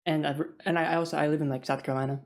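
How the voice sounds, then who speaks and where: A young woman with a notably low voice rambles through a casual rant, full of fillers and little laughs. She talks loosely and informally, like venting to a friend. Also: fairly even intonation, racing, a little mellow. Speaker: food service worker.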